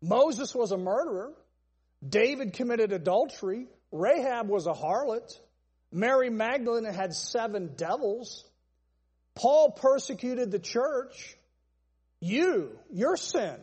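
A man's voice: very high voice, expressive, takes it slowly, a little mellow, slightly rough, in a large hall. A man preaching a sermon, stressing points through long repeated lists. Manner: emphatic, repetitive list-style preaching.

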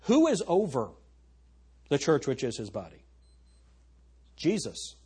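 A man preaching a verse-by-verse sermon. His voice sits a little high and sounds husky. He reads scripture aloud with force and keeps checking that his listeners agree. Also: wildly swooping pitch, slow, a little mellow. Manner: asks the congregation for agreement. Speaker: pastor. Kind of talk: expository sermon.

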